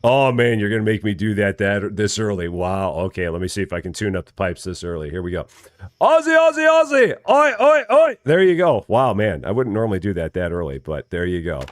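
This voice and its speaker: A man's voice: low voice, fast talker, few pauses, dry recording, studio quality. A man casually commenting as he plays a farming game on a live stream, chatty and friendly, greeting viewers by name and often repeating his words. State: still waking up, early morning.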